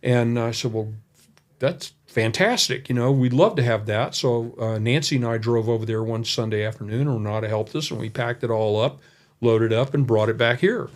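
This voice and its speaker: Male podcast guest with a middle-pitched voice, rambling and folksy as he tells his story, recorded indoors. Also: normal speed. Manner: rambling and folksy, with many asides. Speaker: college development director, podcast guest. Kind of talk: anecdotal storytelling in a conversation. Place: indoor room.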